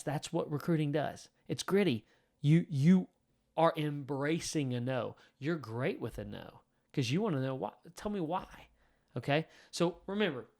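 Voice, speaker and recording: Casting: male pastor, slightly higher voice, blunt coaching delivery. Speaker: lead pastor teaching church leaders. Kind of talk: direct-to-camera teaching talk.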